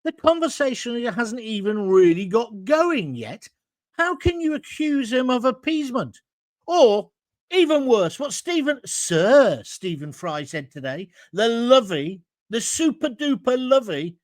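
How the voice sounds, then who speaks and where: Middle-aged man, talk show host, combative and blunt, lively pitch, dry close sound. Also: a little slow, dry recording. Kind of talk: opinionated commentary reading viewer comments.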